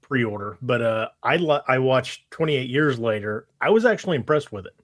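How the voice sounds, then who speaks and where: A man's voice: mid-range voice, animated, moderate pace, a bit bright. A man co-hosting a casual livestream chat, easygoing and talking in short bursts. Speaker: co-host.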